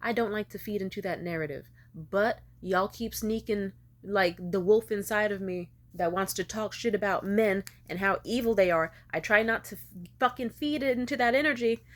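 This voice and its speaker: A woman's voice: mid-range voice, normal speed. A young woman telling a storytime rant to camera in a casual, profane and sarcastic way. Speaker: vlogger.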